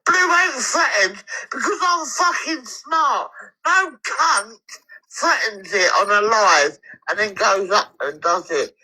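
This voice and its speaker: A woman's voice: medium pitch, lively intonation, slow pace, sharp tone, husky, rough recording. A woman ranting angrily on a live stream, swearing heavily and close to tears at times. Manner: furious, swearing, tearful at times. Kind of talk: angry live-stream rant.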